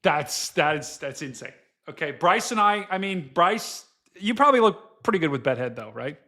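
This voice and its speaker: Excitable high-voiced young man hosting. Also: normal speed. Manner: excitable, exclaims and laughs often. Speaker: livestream weather show host. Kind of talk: casual livestream chat.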